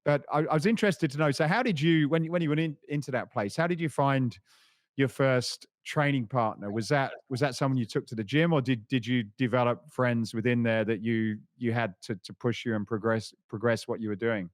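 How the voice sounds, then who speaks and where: A man's voice: mid-range voice, fairly quick, dry recording, studio quality. Male podcast host asking questions. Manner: hesitant, stacked restarts before questions. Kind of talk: conversational interview.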